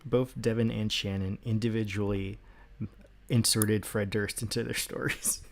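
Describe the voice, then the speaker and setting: A young man with a gravelly voice co-hosting a live stream, chatting casually and laughing often while he works. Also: fairly low pitch, fairly even intonation, a little slow. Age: young adult. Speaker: stream co-host. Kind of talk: casual chat while writing.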